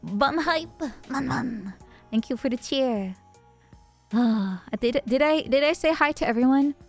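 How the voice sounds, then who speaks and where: A bubbly woman streamer with a fairly high voice chats easily and laughs often while she greets people by name. Soft music plays low behind her. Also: expressive, measured pace. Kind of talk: casual livestream chat.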